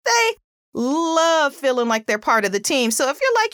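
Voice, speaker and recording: A woman's voice: big pitch swings, normal speed, a bit bright, dry recording, clean studio sound. Chatty woman giving earnest parenting advice. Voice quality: pitchy voice. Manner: chatty, earnest, emphatic, fillers like "like". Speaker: parenting podcast host. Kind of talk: casual advice talk.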